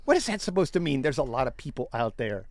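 A man's voice: medium pitch, big pitch swings, fast, dry recording, studio quality. A man co-hosting a casual comedic news chat, reading stories aloud with a wry, mocking tone and frequent laughs.

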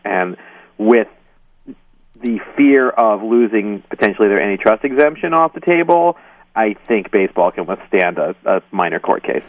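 A man being interviewed, speaking haltingly with many ums and you-knows and hedging as he explains. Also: on the low side, dry recording. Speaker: guest journalist. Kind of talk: phone-in interview. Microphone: phone. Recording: tinny distant phone line.

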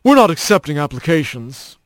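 A man's voice: a little high, sing-song, brisk, no room sound. A man voicing a young male hawk, a pompous and sneering gatekeeper type. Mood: snide.

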